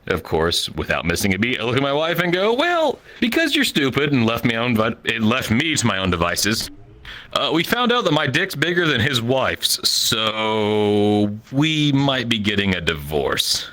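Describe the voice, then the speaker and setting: A man's voice: mid-range voice, sing-song, normal speed, pushed and bright. A man telling a crude, profane story as a stand-up comedian, from the Midwest United States.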